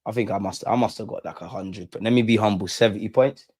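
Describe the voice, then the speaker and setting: A man's voice: lowish voice, quick pace, a little mellow, no room sound, studio quality. A young man hosting a live fan stream, ranting heatedly and repeating lines for emphasis. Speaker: fan channel host.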